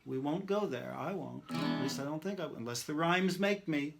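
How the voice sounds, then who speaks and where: A man teaches songwriting over a guitar, thinking aloud while testing rhymes and singing lines. His voice is a little high, gravelly and expressive, at a moderate pace, mixing talk and song in the demonstration.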